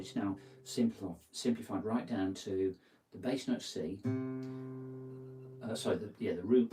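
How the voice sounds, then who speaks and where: A man giving a relaxed guitar lesson, thinking aloud and counting out beats as he plays. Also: lowish voice. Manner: thinking aloud, counts beats and sings lyric snippets while playing. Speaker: guitar teacher. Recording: distant mic with guitar playing.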